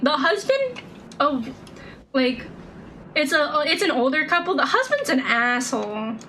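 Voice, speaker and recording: A young woman chats loosely as she streams a game, talking in a high voice and circling back with lots of fillers. There is faint background noise under her desk mic. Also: a bit bright, low-quality recording. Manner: chatty, rambling, lots of "like" and restarts. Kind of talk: casual gameplay stream chat.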